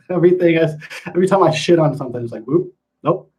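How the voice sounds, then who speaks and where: A man's voice: on the high side, fast, darkish tone, poor audio. A man hosting a casual livestream at home, answering chat with loose, profane talk and frequent laughter, slipping into rants. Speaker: livestream host reading chat.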